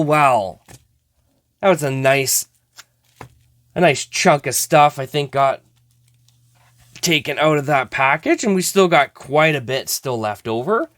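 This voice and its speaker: A man's voice: medium pitch, fairly bright tone, no echo, studio quality. A man hosting a hockey card opening show, chatting casually and exclaiming over each card, often laughing at himself.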